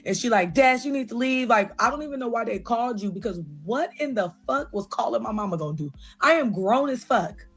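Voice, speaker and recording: A young woman telling a personal story in a casual, blunt and profane way, with lively asides to her viewers. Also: on the high side, brisk, hardly any pauses, slightly rough, faint music behind.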